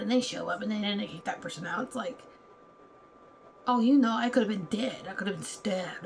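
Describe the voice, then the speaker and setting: Casual vlogger, female, gravelly voice, candid heated monologue, faint background hiss. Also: medium pitch, fairly quick. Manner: candid, heated, acts out other people's lines.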